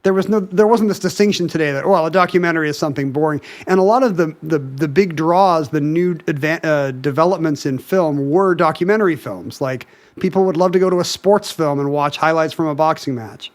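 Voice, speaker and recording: Fast-talking, jokey podcast co-host man. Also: a little high. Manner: quick, joking, explains at length. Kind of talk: casual chat.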